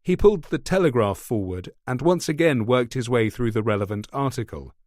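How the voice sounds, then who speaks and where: A male narrator reading a thriller in a steady, measured voice. His pitch sits mid-range for a man. The recording is dry and close. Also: no room sound. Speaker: audiobook narrator. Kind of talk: scripted narration.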